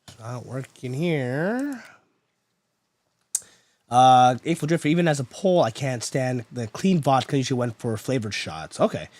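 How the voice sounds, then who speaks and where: A man streaming live, chatting with viewers while venting his frustration as he troubleshoots his software. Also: medium pitch, big pitch swings, moderate pace. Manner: frustrated, exasperated, swings between loud outbursts and muttering. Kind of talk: casual live-stream chat.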